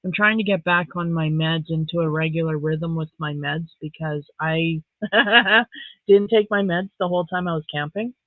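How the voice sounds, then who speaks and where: With a deep voice and moderate pace, a middle-aged woman from Saskatchewan hosts a relaxed live stream, reading viewers' comments and chatting warmly. She sounds soft-hearted and easily moved. The audio is dry, thin and phone-like, as if captured in a close space.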